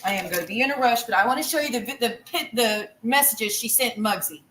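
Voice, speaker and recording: A woman's voice: on the high side, fast, fairly bright tone, slight background noise, low-quality recording. A woman on a livestream, ranting in a heated, profane and rambling way while cooking in her kitchen. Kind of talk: angry livestream rant.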